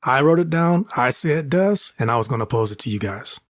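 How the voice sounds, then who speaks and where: A man co-hosting a podcast, relaxed, mostly chiming in with short agreeing remarks. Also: mid-range voice, fairly quick, dry recording, studio quality. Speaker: podcast co-host. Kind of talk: casual podcast chat.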